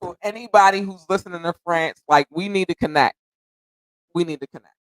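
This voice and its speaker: Male podcast host, effusive and rambling, slightly high voice, close dry recording. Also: fairly quick, no echo, low-quality recording. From United States. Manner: effusive and grateful, repeating thanks and shout-outs; rambling, self-correcting, occasionally tongue-tied. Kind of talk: casual solo podcast chat.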